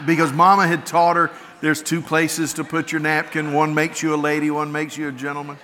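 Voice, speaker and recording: A man's voice: on the high side, monotone, a little fast, hardly any pauses, sharp tone, a little hiss or hum. A middle-aged man preaching a sermon as a pastor, telling stories in a folksy, earnest, conversational way. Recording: long reverb of a large hall.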